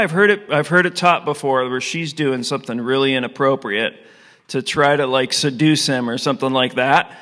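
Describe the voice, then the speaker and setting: A middle-aged pastor gives a conversational sermon in a church hall before an audience, his slightly high voice pushed and bright at a normal speed. He tells a story in a casual way and puts questions to his listeners. Long hall reverb hangs on the recording.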